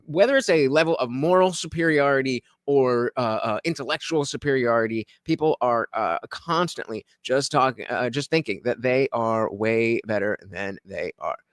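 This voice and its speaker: A man's voice: medium pitch, normal speed, hardly any pauses, no room sound, studio quality. A man casually commenting while he reacts to a podcast clip, rambling with many fillers and reading out viewer comments.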